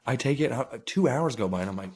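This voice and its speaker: Animated man telling crude stories. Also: medium pitch, racing, slightly rough. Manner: crude, lively storytelling with acted quotes. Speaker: podcast co-host. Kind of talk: casual podcast chat.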